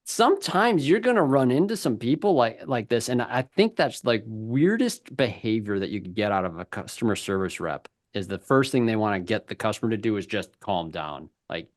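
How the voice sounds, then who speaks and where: A man with a somewhat low voice hosts a webinar conversation. He talks in a loose, chatty way and breaks into laughter as he tells stories. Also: very animated, normal speed, hardly any pauses. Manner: chatty storyteller, laughs often. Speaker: webinar host.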